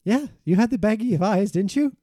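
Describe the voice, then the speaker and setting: Warm-voiced man, bumbling improv doctor, lively pitch, dry close sound. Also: a little fast, dry recording. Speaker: improv performer. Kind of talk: improv comedy scene.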